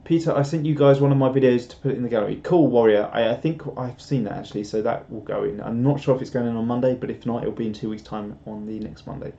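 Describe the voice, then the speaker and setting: A man's voice: medium pitch, fairly even intonation, fast talker, vocal fry, hardly any pauses, mellow. A young man hosts a live stream, chatting casually and reading out viewer comments in a rambling, self-deprecating way. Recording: roomy, slightly dull home stream audio.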